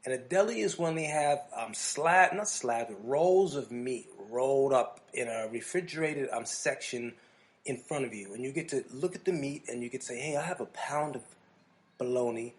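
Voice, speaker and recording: A man from New Jersey hosts a relaxed podcast chat. He rambles through his stories, restarts his sentences and laughs easily, in an ordinary mid-range voice. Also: mid-range voice, normal speed. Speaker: podcast host. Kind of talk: casual chat.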